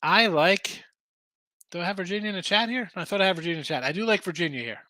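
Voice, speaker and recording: Animated sports betting host, bright voice. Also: male voice, high voice, fast, no echo. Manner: animated, argumentative, reads chat comments aloud. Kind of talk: casual sports betting chat.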